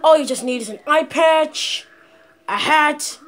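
A woman voicing a cheerful pirate animatronic fox, talking playfully and excitedly straight to the viewers in a toy play video. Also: high voice, a little slow.

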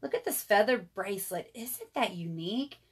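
A woman's voice: medium pitch, lively intonation, moderate pace, husky. A woman, hosting a casual live jewelry sale and chatting to viewers. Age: 30s. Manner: chatty, addresses viewers as y'all. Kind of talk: casual live sales chat.

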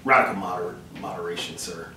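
A man's voice: low voice, a little fast, sharp tone. Chill guy talking in an interview, lots of um and uh, echoey room, mic far away. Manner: laid-back, with many fillers and joking asides. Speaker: interviewee, comedian. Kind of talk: casual chat. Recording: roomy echo, distant mic, faint noise.

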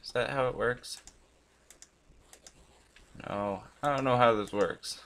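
A man hosting a gaming channel, chatting casually and rambling as he plays, swearing often and breaking into sudden loud outbursts. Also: medium pitch, slow pace. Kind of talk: casual commentary while playing a chatbot.

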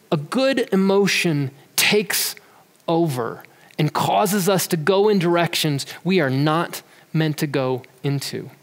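A man in his thirties preaching a sermon, talking in a conversational way and telling family stories with animation. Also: on the high side. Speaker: pastor. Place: church sanctuary. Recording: long church hall reverb.

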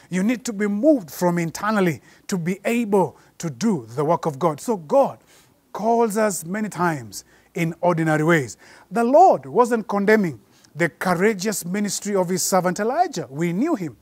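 A man preaching a sermon, slowing down and rising in force to repeat his points. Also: high voice, expressive, no echo. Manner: measured preaching, slows and rises for emphasis.

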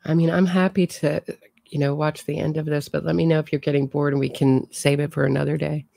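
A woman's voice: low voice, little pitch movement, a little fast, creaky, mellow, dry recording. A woman hosting a true crime show, casually commenting and thinking aloud as she talks to her viewers.

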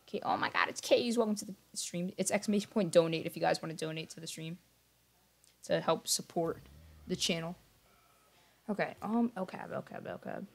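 A young male gamer with a high, fry-tinged voice talks a little fast as he streams live. His chat with viewers is rambling and distracted, full of apologies. Now and then he keeps his voice down to avoid making noise.

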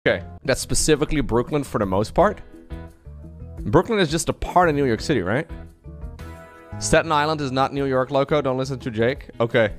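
A man's voice: mid-range voice, lively intonation, fairly quick, faint music behind. A man streaming, chatting and reacting to videos, talking things through and repeating himself as he wonders aloud.

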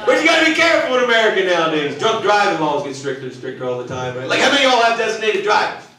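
Loud, high-voiced comedian working a crowd. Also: male voice, very animated, racing. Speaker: stand-up comedian. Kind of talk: live stand-up comedy. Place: large theater stage. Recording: echoey theater from far off, loud audience.

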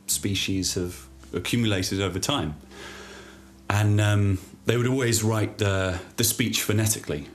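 A man's voice: on the low side, slight background noise. A man narrating an improvised children's story in a rambling, hesitant and playful way.

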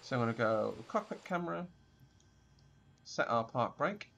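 A man's voice: medium pitch, sing-song, moderate pace, gravelly, a bit bright, lo-fi sound. A young man chatting casually through a flight simulator session, rambling and explaining as he goes. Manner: chatty, rambling, laughs, restarts a lot. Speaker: flight sim streamer. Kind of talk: casual gameplay commentary.

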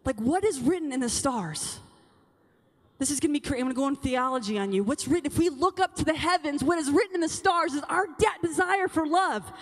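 A woman's voice: sits high, expressive, a little fast. A young adult woman speaking to a conference of teen girls in a bubbly, chatty way, calling out to the crowd. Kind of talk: energetic talk to teen girls. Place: large conference hall. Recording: long hall reverb.

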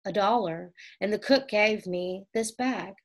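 Here a woman narrating a storybook plays a good-natured, eager older boy in a mid-range voice that stays close to her everyday one. She speaks a little slowly, and the boy sounds happy and proud, brightening on the thrilling bits of his news.

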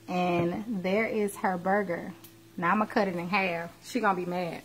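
Live-streaming from her home kitchen, a woman cooks while chatting and joking with her audience. Her mid-range voice is a bit bright and moves at a moderate pace, over the clatter of dishes and cutlery.

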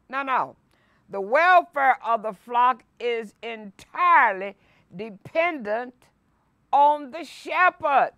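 A woman pastor leading a Bible lesson, reading scripture aloud and preaching with slow emphasis and repetition. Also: high-pitched, pushed and bright, no echo. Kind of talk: sermon-style Bible lesson. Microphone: no mic, by her own words.

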